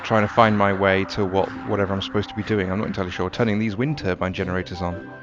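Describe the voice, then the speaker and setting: A man giving relaxed, wry, rambling commentary while playing a video game. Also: low voice, quick pace. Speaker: gameplay commentator. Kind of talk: casual gameplay commentary. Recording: dull lo-fi sound with game music behind. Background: game music.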